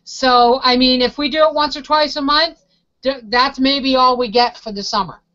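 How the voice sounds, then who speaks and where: A woman's voice: high voice, steady tone, normal speed, pushed and bright, lo-fi sound. A woman co-hosting a homestead live show, bubbly and talkative in casual chat.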